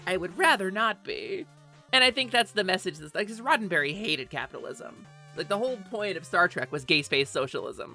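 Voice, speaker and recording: A woman's voice: mid-range voice, sharp tone. A woman streamer chatting casually and animatedly on a live stream, swearing offhand and laughing often. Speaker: Twitch streamer.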